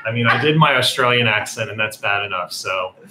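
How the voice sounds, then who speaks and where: A man's voice: fairly low pitch, fairly quick, sharp tone. A man, the show's co-creator, hosting a casual live chat and reading out viewer questions with a laugh. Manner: chatty, laughs often, reads viewer questions. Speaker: series co-creator and host. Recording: echoey room with faint noise.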